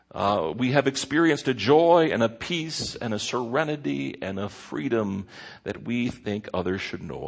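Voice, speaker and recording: Gravelly low-voiced man preaching. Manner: earnest preaching with repeated phrases. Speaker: pastor. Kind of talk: sermon.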